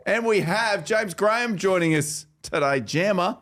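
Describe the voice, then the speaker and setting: A man's voice: high voice, expressive, measured pace, a bit bright. A man hosting a sports podcast, teasing his co-hosts in a dry way as he moves the show along. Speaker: podcast host. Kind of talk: casual podcast chat.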